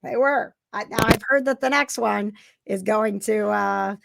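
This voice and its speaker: A woman's voice: medium pitch, unhurried, creaky, a bit bright, dry recording, clean studio sound. A woman co-hosting a podcast in casual chat, chatty and giggly with lots of fillers, sounding tired. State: tired from lack of sleep. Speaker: podcast co-host.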